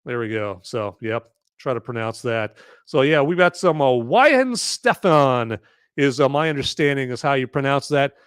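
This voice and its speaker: A man's voice: medium pitch, expressive, normal speed, smooth, no echo, clean studio sound. A man from the United States hosting a live movie review podcast, rambling in casual chat with lots of fillers and restarts. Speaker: podcast host.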